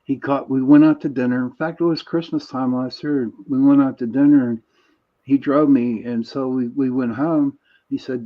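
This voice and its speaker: A man's voice: mid-range voice, fairly even intonation, normal speed, lo-fi sound. A middle-aged man hosting a podcast, easygoing, reading out viewer comments and sharing family stories. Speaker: podcast host. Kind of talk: casual podcast chat.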